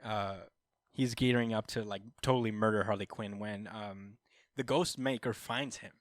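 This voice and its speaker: A man's voice: lowish voice, fairly even intonation, normal speed, no echo, clean studio sound. A young man hosting a podcast, loosely retelling a story in casual chat with lots of fillers. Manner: loose storytelling, many fillers, laughs at own jokes. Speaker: podcast host. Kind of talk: casual chat recapping comics.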